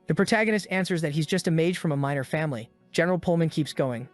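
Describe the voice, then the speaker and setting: A man tells a comic story in a rapid, scripted recap style. His voice sits a bit higher than most men's. Quiet background music runs under his narration.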